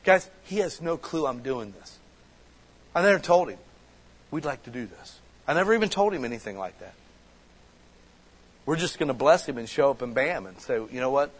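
A man's voice: medium pitch, animated, fairly quick, pauses often, breathy edge, rough recording. A man preaching a casual, conversational sermon that builds to passionate emphasis as a church pastor. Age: adult with children.

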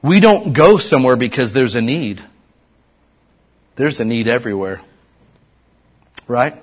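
A middle-aged man from Ohio preaching a sermon as pastor, swinging from loud urging to hushed asides. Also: medium pitch, expressive, measured pace, breathy edge.

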